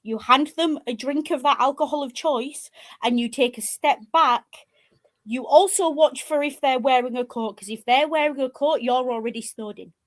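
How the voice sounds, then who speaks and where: A woman, co-hosting a casual podcast chat in a blunt, animated, sweary way. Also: high-pitched, normal speed. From northern England. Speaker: podcast co-host.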